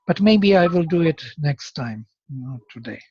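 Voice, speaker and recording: A man teaching Sanskrit in a seminar, speaking as a with many pauses and chanting verses aloud. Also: a little high, expressive, darkish tone, breathy edge, no room sound. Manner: slow, halting, chants verses. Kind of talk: seminar lecture with recitation. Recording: dull, dry lo-fi recording.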